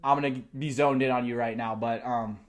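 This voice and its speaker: A young man vlogging about college football, talking live and out of breath, excited and rambling. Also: mid-range voice, brisk. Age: young adult. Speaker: sports vlogger. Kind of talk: live unscripted vlog reaction. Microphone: close mic, camera and laptop.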